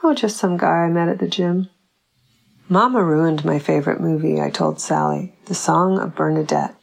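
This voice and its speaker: Female audiobook reader, dry measured delivery, low voice with fry. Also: low-quality recording. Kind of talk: reading a literary short story aloud.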